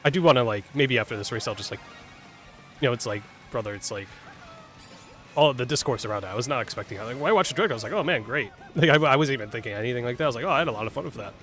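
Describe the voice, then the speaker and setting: A man's voice: medium pitch, rapid-fire, fairly bright tone, faint music behind. A man casually commenting while playing a game, rambling with lots of fillers, swearing and laughing at his own mistakes. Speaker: gaming streamer.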